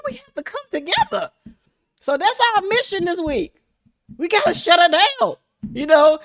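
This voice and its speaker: A woman hosting a casual livestream, chatting and laughing with viewers in an animated, hyped-up way. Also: extremely high pitch. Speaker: livestream host.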